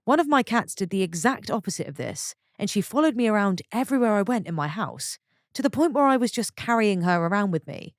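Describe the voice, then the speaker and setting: A woman's voice: medium pitch, lively intonation, fairly quick, dry recording, studio quality. A woman narrating a string of short posts from an online forum, reading them one after another. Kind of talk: scripted story narration.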